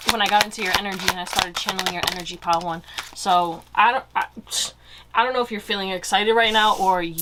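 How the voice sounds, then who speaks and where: Woman, tarot-reading host, casual and chatty, mid-pitched, faint hiss and clicks behind her. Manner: chatty, laughs often, slangy asides. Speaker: tarot reader.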